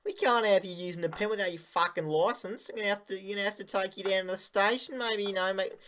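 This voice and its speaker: A man voicing a loud, swearing male cop, in a scolding manner. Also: sits high, fast talker, a little hiss or hum, voice pushed up. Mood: blustering.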